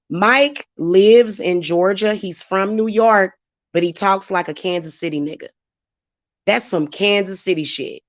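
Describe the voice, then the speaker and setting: A woman's voice: lowish voice, dry recording. A woman hosting her channel, ranting heatedly and profanely at commenters in a live-stream vlog. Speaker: channel host and spiritual reader. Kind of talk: live-stream rant to viewers.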